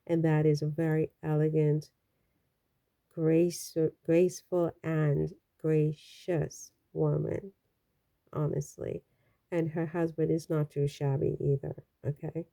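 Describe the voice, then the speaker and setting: A woman's voice: low voice, flat delivery, takes it slowly, vocal fry, dark tone. A woman from the Caribbean giving casual, chatty and rambling commentary on a vlog, with frequent exclamations. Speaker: royal news vlogger.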